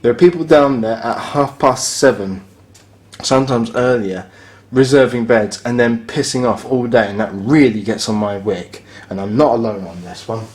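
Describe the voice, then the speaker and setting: Walking through a hotel room with a handheld camera, a man reviews it casually in a mid-range, slightly mellow voice at a moderate pace. He's blunt and somewhat sarcastic, grumbling offhandedly about what's broken.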